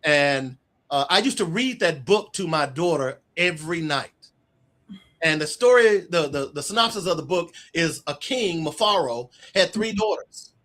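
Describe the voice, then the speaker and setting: A middle-aged man with a fairly high-pitched voice speaks at a normal speed. He's an author being interviewed, casually telling stories and animatedly acting out the quoted dialogue.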